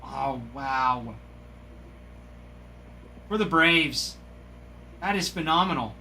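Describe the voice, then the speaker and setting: Gushing, bright-voiced man opening cards. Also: a little high, takes it slowly, pauses often, a little hiss or hum. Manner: excited, gushing exclamations over each card. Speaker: trading card break host. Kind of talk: live card-opening commentary.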